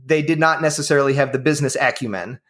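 Chatty man telling stories, high voice. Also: racing, a bit bright. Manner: storytelling with many fillers. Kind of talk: casual chat.

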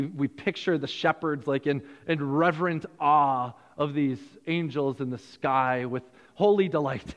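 A man's voice: fairly high pitch, big-room sound. A man preaching a Christmas sermon to his congregation, in a conversational style with repeated phrases and restarts. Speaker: pastor. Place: church sanctuary.

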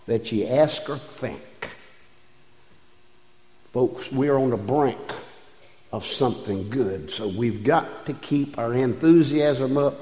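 A man's voice: mid-range voice, mellow. A man preaching a sermon as pastor, folksy and then fervent, stretching out key phrases. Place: church sanctuary. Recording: echoey church hall.

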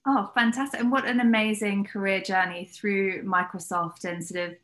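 Bright-voiced woman interviewer. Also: medium pitch, fairly even intonation, moderate pace. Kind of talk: interview questions.

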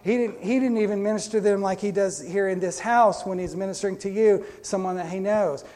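High-voiced Pentecostal preacher man. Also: a little fast, hardly any pauses. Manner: energetic Pentecostal preaching with many restarts. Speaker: pastor. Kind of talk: sermon.

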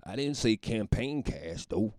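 A man's voice: lowish voice, animated, a little slow, darkish tone, no echo, clean studio sound, voice pushed up. A man voicing an older father sheepishly excusing his grown daughter.

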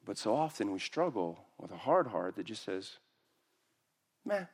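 Animated pastor preaching. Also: male voice, moderate pace, breathy edge. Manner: animated, acts out quoted voices with big pitch jumps. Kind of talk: sermon.

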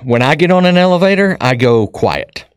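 A man hosting a casual talk show, easygoing and quick to laugh. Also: fairly high pitch, expressive, smooth, dry recording, clean studio sound. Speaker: host. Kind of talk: casual radio-style chat.

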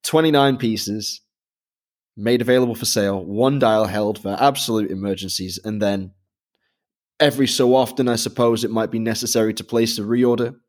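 Low-voiced british guy on a podcast, methodical, breaks down the details step by step. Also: steady tone, normal speed. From Britain. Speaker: podcast co-host. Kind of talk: podcast product review.

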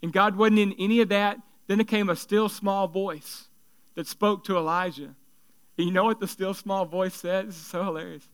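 Male pastor, high-pitched, resonant and clear, dry close recording; casual preaching full of rhetorical questions. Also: fairly even intonation, moderate pace, fairly bright tone, no room sound. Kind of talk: sermon.

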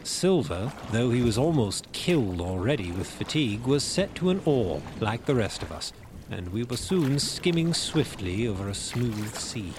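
A man narrating a classic adventure novel in a measured, expressive reading. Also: medium pitch, background noise. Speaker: audiobook narrator. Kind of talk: storybook reading.

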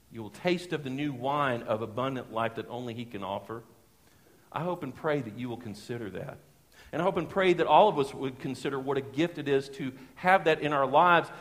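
A middle-aged man, preaching a sermon as a pastor and telling a personal story in a lively, folksy way with chuckles. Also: mid-range voice. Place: church sanctuary. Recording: long church hall reverb.

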